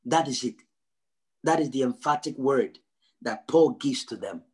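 A male pastor preaching a sermon, emphatic, repeating his phrases and swinging from low and quiet to high and loud. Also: expressive, unhurried, breathy edge. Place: church service.

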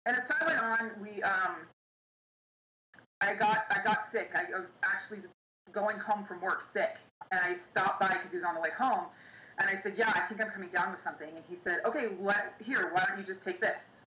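Interview guest, woman, young, bright and forceful voice, halting delivery, roomy echo. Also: mid-range voice. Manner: halting, pausing often, recounting painful memories. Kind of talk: personal storytelling. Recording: echoey room with faint ambience.

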